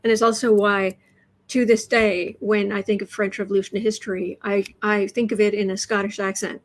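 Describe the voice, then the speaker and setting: A woman hosting a tarot livestream indoors talks at normal speed in a medium-pitched, flat voice, recorded at low quality. She chats loosely, keeps restarting and repeating words, and reads comments from viewers.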